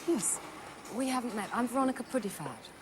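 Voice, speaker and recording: A woman's voice: a little high, expressive, brisk, noisy background, natural voice. An actress playing a woman academic sleuth in a television crime drama, speaking tersely and pointedly. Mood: probing.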